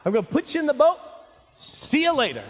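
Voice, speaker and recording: A man's voice: extremely high pitch, wildly swooping pitch, fairly quick, pitched above the performer's own voice, full character voice. Man putting on a breezy, casual Jesus. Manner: casual, joking, upbeat. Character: Jesus, young adult man, breezy and easygoing. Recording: reverberant hall.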